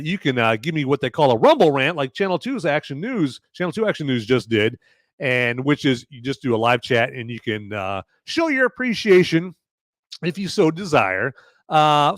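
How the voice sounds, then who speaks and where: Rambling, animated man hosting a livestream. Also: fairly high pitch, moderate pace, no echo, clean studio sound. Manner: rambling and emphatic, repeats words, says "okay?" often; thanks viewers by name for donations. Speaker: podcast host reviewing a movie on a livestream. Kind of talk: casual live-stream talk.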